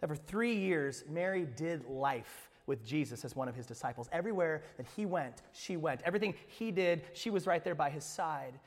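A man pastor preaching an Easter sermon, expressive, swinging from hushed lines to emphatic ones with playful asides. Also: fairly high pitch, moderate pace, hardly any pauses, long reverb tail. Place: church sanctuary.

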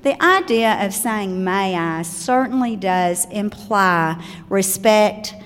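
A woman's voice: medium pitch, lively intonation, takes it slowly, clean tone. An older woman with a Southern accent, giving a chatty talk to parents on children's manners and telling stories with asides. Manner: chatty, warm storytelling with asides. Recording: long hall reverb.

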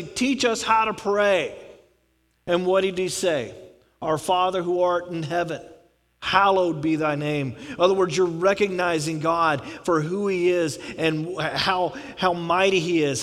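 A man with a high voice preaches in a chatty, humorous way, slipping into little acted-out prayers. His voice rings in a church hall with a long echo. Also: fairly bright tone. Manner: conversational preaching with humor, acts out quoted prayers. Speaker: pastor. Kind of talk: sermon. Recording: reverberant hall.

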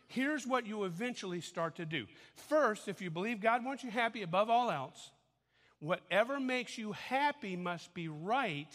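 A man's voice: sits high, a bit bright, long reverb tail. A man preaching a sermon in a conversational way, often checking that his listeners follow him. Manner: conversational preaching, asks audience to follow along. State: out of breath after dancing. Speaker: pastor.

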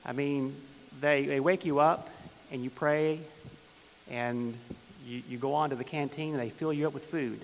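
A man's voice: medium pitch, fairly even intonation, normal speed. A man teaching a church Bible class with a folksy, joking manner, telling stories and asking the class questions. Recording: hissy, long-reverb hall.

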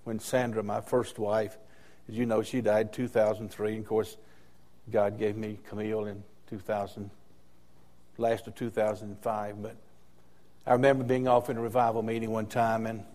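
Older pastor with a mellow voice. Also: male voice, fairly low pitch, level tone, moderate pace. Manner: storytelling, repeats key phrases for emphasis. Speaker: interim pastor. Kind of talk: sermon.

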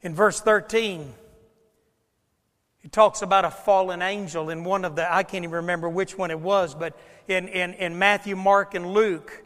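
A pastor preaching a sermon in a high-pitched male voice. He tells stories in a hushed tone and rises to loud, shouted passages. The sound carries the long reverb of a large hall. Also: steady tone, moderate pace.

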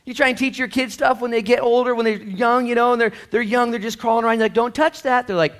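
A middle-aged man preaching a sermon in a church, animated, acting out dialogue and swinging between loud bursts and hushed asides. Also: extremely high pitch, quick pace. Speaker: pastor.

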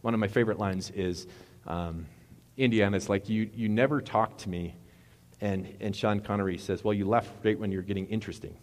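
A man preaching a sermon in a relaxed, conversational way, retelling movie scenes and correcting himself as he goes. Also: on the low side, moderate pace. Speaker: pastor. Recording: long reverb of a hall.

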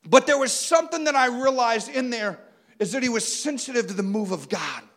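A man, preaching a sermon that swings between loud urging and quiet, intimate passages. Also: very high-pitched, expressive, fairly quick. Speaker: pastor.

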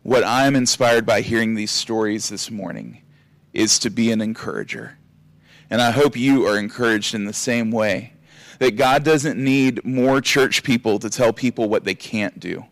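Pastor giving a lively sermon, dry close sound. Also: male voice, medium pitch, no room sound. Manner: animated, acts out scolding and encouraging voices.

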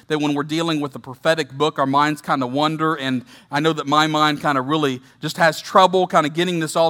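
High-voiced, bright-toned male preacher. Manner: impassioned, rising to emphatic rhetorical questions; reads scripture slowly and deliberately. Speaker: pastor. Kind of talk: sermon.

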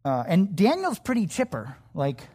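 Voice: mid-range voice, wildly swooping pitch, moderate pace, warm tone, breathy edge. A Bible teacher giving a casual verse-by-verse sermon, talking conversationally with frequent fillers and restarts.

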